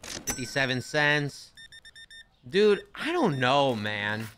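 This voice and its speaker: A man's voice: mid-range voice, sing-song, slow pace, fairly bright tone, a little hiss or hum. A young man giving casual, slangy commentary while playing a store game, talking to himself and to the characters on screen. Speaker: gaming streamer.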